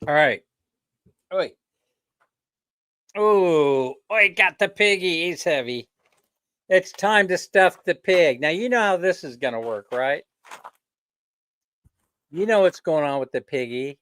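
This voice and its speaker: Male host, clear crisp voice, unhurried, jokey live-stream banter with frequent chuckles. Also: on the high side, expressive, sharp tone. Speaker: livestream host. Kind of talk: casual live-stream chat.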